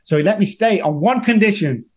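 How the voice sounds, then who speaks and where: A man with a high, expressive voice, fairly quick, a little mellow and slightly rough, tells his own story as an interview guest. He's earnest and emotional and acts out the voices of people he quotes.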